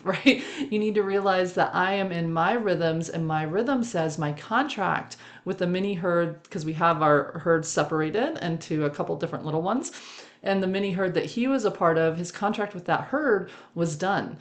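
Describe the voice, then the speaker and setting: A woman with a fairly low voice hosts a reflective spiritual talk. She tells a personal story at length and laughs often between her phrases. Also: moderate pace. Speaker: podcast host.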